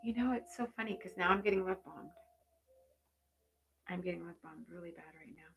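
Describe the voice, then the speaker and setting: A middle-aged woman working as a medium on a live stream, chatting warmly with many fillers and restarts. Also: lowish voice, fairly quick, gravelly, a little hiss or hum. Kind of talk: live-stream reading and chat.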